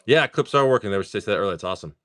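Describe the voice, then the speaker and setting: A man hosting a live stream, rambling casually, swearing freely, and reading off card names in quick lists. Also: on the low side, expressive, fairly bright tone, no echo. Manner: rambling, swears freely, laughs often at chat. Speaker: live-stream host opening card packs.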